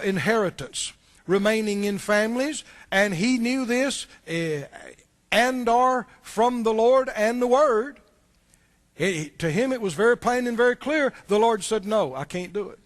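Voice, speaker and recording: A man with a strikingly high voice preaches to his congregation. He talks in a relaxed, conversational way, keeps asking the listeners questions, and repeats words as he restarts a thought. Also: measured pace. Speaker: pastor. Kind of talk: sermon.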